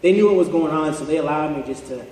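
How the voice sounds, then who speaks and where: A man's voice: on the high side, fast talker, dark tone. Young guy giving a motivational speech, earnest with some jokes at his own expense, big echoey hall, mic far off. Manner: earnest, personal storytelling with light self-deprecating humor. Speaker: motivational speaker. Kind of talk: storytelling speech to an audience. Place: large hall before an audience.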